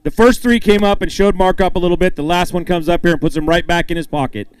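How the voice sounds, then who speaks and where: A man's voice: high voice, fairly even intonation, quick pace, clear, resonant tone, no room sound. A man announcing a fishing tournament weigh-in, calling up anglers, reading weights and joking with them on stage. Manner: upbeat, hypes each angler and jokes with them. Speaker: tournament emcee.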